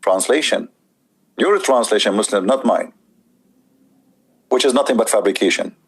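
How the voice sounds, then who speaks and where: A man's voice: on the low side, expressive, normal speed, husky, poor audio. A man hosting a debate show, giving mocking, emphatic commentary on a played clip.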